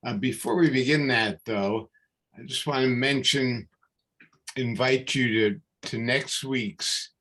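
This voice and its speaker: An older man hosting a talk series over a video call, unhurried, with fillers as he gives instructions. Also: mid-range voice, bright, forceful tone, poor audio. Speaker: series host.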